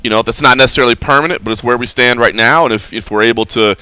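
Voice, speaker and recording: Fast-talking bright-voiced man. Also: medium pitch, clear, resonant tone, dry recording. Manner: rambling, many restarts. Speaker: co-host. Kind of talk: casual radio show chat. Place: radio studio.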